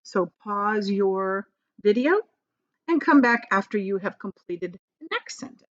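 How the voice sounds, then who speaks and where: A woman's voice: mid-range voice, animated, a little slow. A woman teacher walks young students through a grammar lesson on video, patient and encouraging. Her voice rises and falls a lot as she leads them along. The sound is a little dull and lo-fi.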